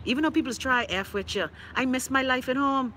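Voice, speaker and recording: A woman's voice: high voice, fairly quick, pushed and bright, a little hiss or hum. A woman from the Bahamas with a Bahamian accent, chatting on a live stream, reading viewer comments in an outspoken, sassy, profane way and laughing often. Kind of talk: casual live-stream chat.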